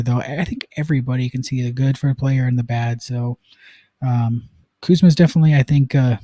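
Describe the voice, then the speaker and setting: A man's voice: mid-range voice, mellow, dry recording. A man from Utah hosting a casual live-streamed sports talk show, chatting loosely with plenty of fillers. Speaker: sports podcast host.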